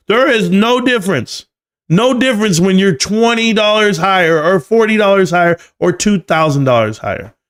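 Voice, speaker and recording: Joking man in his forties hosting a live stream. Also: high-pitched. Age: 40s. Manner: loose and joking, slangy, often says "bro". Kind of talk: casual live-stream chat, reading viewer comments aloud.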